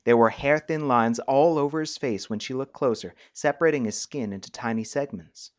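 A man narrating a story in an even, measured reading. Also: medium pitch, no room sound, dull audio.

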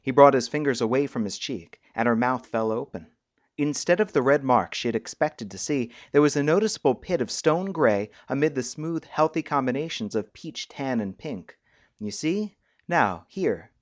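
A man narrating a story in an even, measured reading. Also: mid-range voice, dry recording, muffled recording.

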